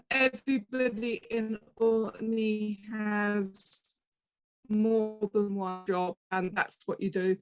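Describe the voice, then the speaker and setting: A woman's voice: medium pitch, no room sound. A middle-aged woman with a Portsmouth accent giving a chatty, self-deprecating conference talk full of ums. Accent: Portsmouth English. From south of England. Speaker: conference speaker.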